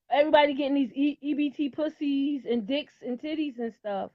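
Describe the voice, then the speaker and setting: A woman's voice: sits high, moderate pace, few pauses, dry recording, lo-fi sound. A middle-aged woman in casual chat, talking in a blunt, outspoken and emphatic way.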